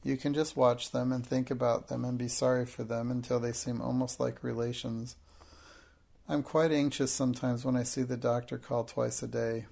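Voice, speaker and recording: A man voicing a calm, proud young girl. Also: mid-range voice, normal speed, creaky. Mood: fond. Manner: calm, grand and polite.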